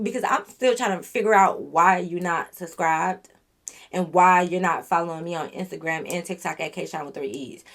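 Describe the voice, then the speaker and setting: A young woman telling a storytime on her channel, ranting bluntly and with lots of profanity at someone who lied to her. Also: on the low side. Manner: animated, blunt and profane, venting at the listener. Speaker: YouTube storyteller. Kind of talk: casual storytime rant.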